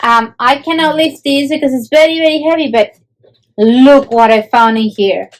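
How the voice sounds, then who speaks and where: A woman's voice: sits high, normal speed, low-quality recording. A woman hosting a children's history show, gushing and exclaiming as she shows objects and asks questions. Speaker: host of a kids' history show.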